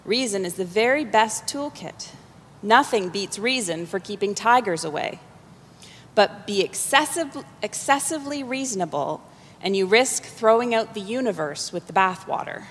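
A woman's voice: medium pitch, lively intonation, normal speed, a bit bright, a little hiss or hum, close to an everyday voice. A woman voicing a passionate, indignant sixteen-year-old boy, speaking in a mocking, theatrical way. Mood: earnest. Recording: long hall reverb.

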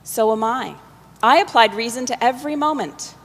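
Woman voicing a teenage boy, indignant, theatrical, high-pitched, long hall echo. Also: moderate pace. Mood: earnest. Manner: impassioned, mocking, theatrical. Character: passionate indignant sixteen-year-old Indian boy.

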